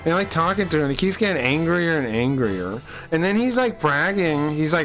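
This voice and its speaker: A man streaming, telling a long story in a rambling, animated way and swearing freely. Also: a little high, a little fast, faint music behind.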